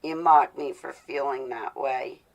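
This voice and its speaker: A woman with a very deep, steady voice talks a little slowly to her live-stream viewers in casual, confessional fashion, and the audio quality is poor. She's intense and grows indignant as she goes on.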